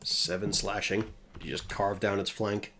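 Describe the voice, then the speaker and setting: A man's voice: lowish voice, unhurried, slight background noise. Game master, male, easy narration of combat blows, faint typing in the background. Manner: relaxed, descriptive narration of combat.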